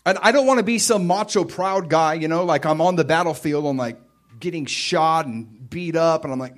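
A man preaching a sermon in a conversational way, with emphatic bursts and quieter stretches. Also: on the high side, expressive, moderate pace. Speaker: pastor.

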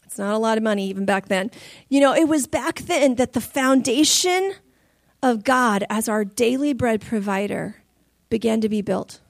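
Brief: high-pitched woman preacher, animated storyteller, dry close sound. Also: normal speed, gravelly, no room sound. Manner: animated storytelling, laughing and crying through stories. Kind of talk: sermon testimony.

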